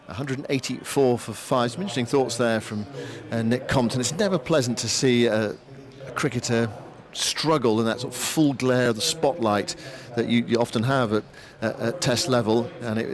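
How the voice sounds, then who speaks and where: A man calls live cricket in a relaxed, conversational radio style. His voice sits at a middle pitch, and he chats easily with his co-commentator. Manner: relaxed, conversational, occasional slips.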